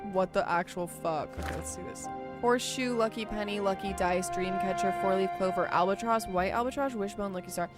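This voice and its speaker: A woman's voice: medium pitch, fairly quick. A woman live-streaming a game in chatty, giggly commentary, swearing freely. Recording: faint music behind.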